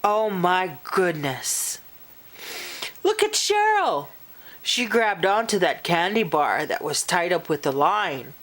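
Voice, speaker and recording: A woman reading a children's picture book aloud, animated and expressive, pausing to talk to young listeners. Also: lowish voice. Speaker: storyteller.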